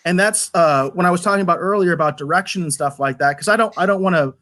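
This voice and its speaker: A man with a slightly high voice, co-hosting a live review show. He talks in an animated, rambling way, stumbling over restarts as he goes. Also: quick pace. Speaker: podcast co-host. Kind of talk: casual review chat.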